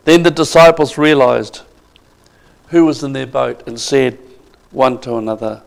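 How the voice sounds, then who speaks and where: A man's voice: mid-range voice, steady tone, a little slow, gravelly. A man preaching a sermon with emphasis, asking the congregation questions.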